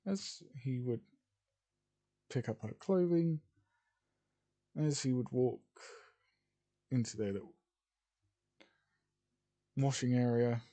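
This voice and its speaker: Slow, mellow man narrating a fan story. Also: mid-range voice. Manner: rambling, with restarts and asides.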